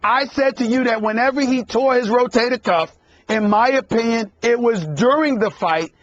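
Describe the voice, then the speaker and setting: Emphatic, repetitive sports debate host. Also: male voice, extremely high pitch, moderate pace, dull audio. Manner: emphatic, repeats himself for emphasis, cuts in.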